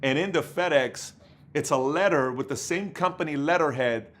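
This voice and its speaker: A man giving a motivational business talk, telling stories in an animated, rambling way with many fillers. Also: a little high, normal speed. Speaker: company leader giving business advice.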